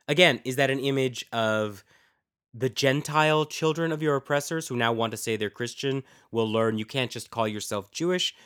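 A man's voice: medium pitch, normal speed, fairly bright tone, clear, resonant tone. A man hosting a podcast, teaching informally on scripture, musing aloud and posing rhetorical questions to his listeners. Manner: reads scripture aloud with dramatic emphasis. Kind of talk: informal lecture with Bible readings.

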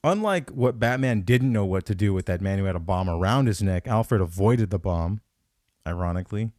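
A comedy podcast host with a lowish voice speaks at normal speed in a dry, studio-quality recording. He rants casually about a movie, swears a lot, and stays profane and animated, performing his own thoughts in quotes.

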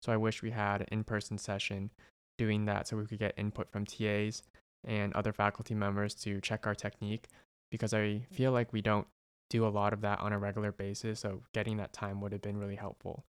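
A man's voice: fairly low pitch, completely flat delivery, fairly quick, few pauses, clear, resonant tone. A young man in his twenties, a medical student, talking through his experiences in an earnest, reflective casual conversation. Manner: earnest, reflective, thinks out loud with restarts.

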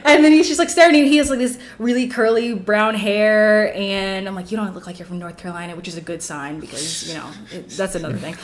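A young woman guests on a podcast, rambling through a casual story and stuffing it with "like" at every turn. Her medium-pitched voice is steady, and she talks quickly with hardly any pauses over crowd noise.

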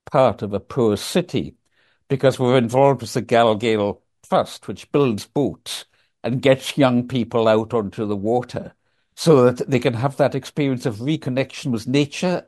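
An older man tells stories in an unhurried, reflective way, pausing on ums and restarting phrases. His voice sits at an ordinary middle pitch and comes across a video call from his office. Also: a little mellow. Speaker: guest. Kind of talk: storytelling in a conversational interview.

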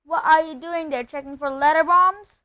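A woman voicing a blustering, bad-tempered middle-aged uncle who barks his lines loudly. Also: fairly high pitch, moderate pace, dry recording, lightly acted. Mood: shouting. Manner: loud, barking.

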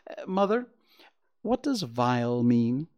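A man voicing an excited, curious young male fawn who asks question after question and stammers. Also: mid-range voice, slow pace, lo-fi sound.

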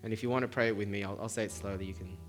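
A man's voice: fairly low pitch, steady tone, rapid-fire, soft background music. A man who is a pastor, leading an earnest altar-call prayer at a church service and often repeating words as he speaks.

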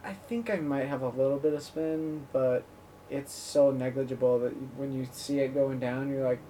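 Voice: medium pitch, fairly even intonation, normal speed, dark tone. Host, giggly rambler, casual comedy chat, distant mic with faint background noise. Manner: giggly, rambling, trails off mid-thought. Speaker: podcast host.

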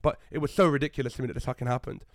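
Fast-talking man, dry close sound. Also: mid-range voice, no room sound. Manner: animated, swears a lot, heated retelling. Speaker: podcast co-host. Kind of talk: casual storytelling chat.

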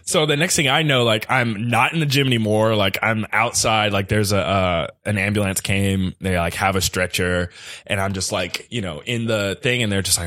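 A man on a studio mic, a podcast guest telling a comedic story casually with lots of fillers, jumping high when he quotes people. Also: fairly quick, a bit bright, no room sound. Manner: loose, filler-heavy telling that jumps high for quoted voices.

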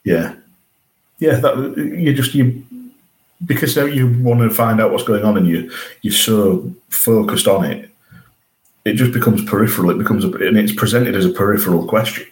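Over poor audio, a man with a fairly low voice and moderate pace co-hosts a podcast, eagerly discussing a TV episode and frequently starting his sentences over.

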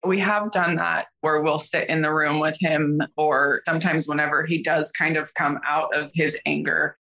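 A woman's voice: deep voice, flat delivery, normal speed, gravelly, sharp tone. A mother asking for advice about her son, speaking hesitantly and laughing often. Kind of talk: casual conversation.

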